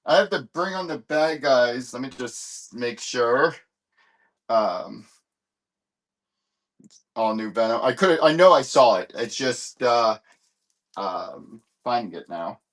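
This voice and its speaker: Casual male live-sale host, mid-pitched, rambling and filler-heavy. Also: animated, takes it slowly, pauses often, a bit bright. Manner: rambling, lots of fillers and "hold on"s while searching. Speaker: live-stream comic seller.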